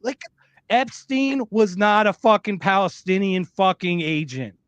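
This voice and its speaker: Man, podcast co-host, excitable, sarcastic, fairly high voice, dry close mic. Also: measured pace, clean tone, no echo. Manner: excitable, sarcastic, swears a lot. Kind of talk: casual podcast chat.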